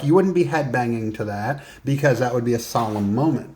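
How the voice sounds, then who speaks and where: A man's voice: mid-range voice, lively intonation, fast, few pauses, darkish tone, slight background noise. A man coaching in a casual, conversational lesson, emphatic and given to joking asides. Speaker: business and life coach.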